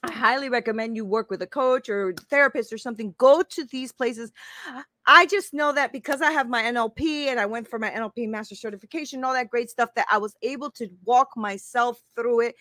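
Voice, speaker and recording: A woman in her fifties speaks as a coach to her live-stream viewers, her voice high and bright. She is emphatic, says key phrases twice and tags many points with "right?". The sound is dry and close, with almost no room. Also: no room sound. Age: 50s. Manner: emphatic, repeats phrases, keeps asking "right?". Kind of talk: casual motivational live-stream talk.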